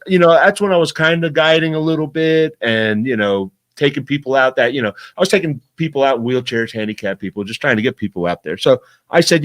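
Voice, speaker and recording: A middle-aged man chatting as a podcast guest, relaxed and easygoing as he tells fishing stories. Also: medium pitch, fairly quick, few pauses. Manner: relaxed, easygoing, drifts quieter when winding down. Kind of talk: casual storytelling chat.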